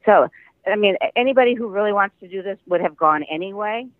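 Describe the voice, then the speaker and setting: This older actor from the American Midwest talks fast in a somewhat high voice, guesting in a relaxed phone interview. He spins stories and laughs a lot. The line is tinny and thin, the audio close and dry without echo.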